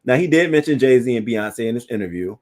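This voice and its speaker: A man's voice: medium pitch, lively intonation, a little fast, darkish tone. A man hosting a livestream, giving casual, blunt celebrity news commentary and talking straight to his viewers with plenty of profanity. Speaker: livestream host reading viewer chat.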